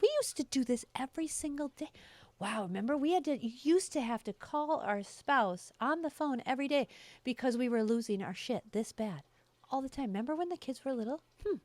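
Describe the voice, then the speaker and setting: A woman's voice: high voice, animated, normal speed, a little mellow, no room sound, voice pushed up. A woman voicing a matter-of-fact, amused disembodied spirit that speaks in a wry tone.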